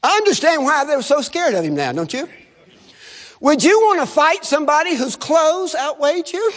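A man preaching at a chapel service as a visiting speaker, animated and calling on the audience to repeat phrases after him. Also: very high-pitched, normal speed, in a large hall. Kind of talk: sermon.

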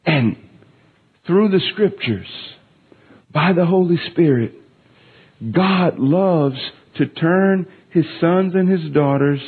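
A man in his thirties delivers an impassioned sermon with a slow, deliberate pace and a slightly high voice. His tone is husky. The sound is thin and tinny, like a phone line. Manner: impassioned, building to emphatic peaks. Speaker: pastor.

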